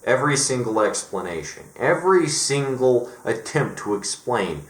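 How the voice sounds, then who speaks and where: A man's voice: medium pitch, very animated, normal speed, reverberant. A man giving a casual commentary monologue as a video essayist, wry and rambling with rhetorical asides.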